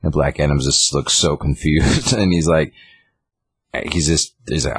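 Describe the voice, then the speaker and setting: A man's voice: a bass voice, fairly even intonation, moderate pace, husky, no echo. A man casually retelling a comic book story on a podcast, rambling with lots of fillers. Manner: rambling, lots of fillers, reads out character lines.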